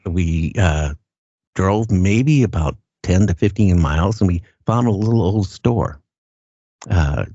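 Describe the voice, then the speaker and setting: An older man telling his story in a halting, earnest way, often repeating words as he goes. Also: sits low, expressive, warm tone, no room sound. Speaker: guest recounting an encounter. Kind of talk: casual first-person storytelling. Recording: dull lo-fi sound.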